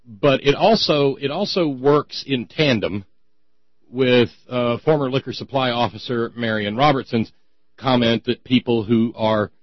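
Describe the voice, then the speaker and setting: A man's voice: medium pitch, measured pace, no room sound. Man, sarcastic comedy monologue, mocking, restarts, dull lo-fi recording. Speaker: host.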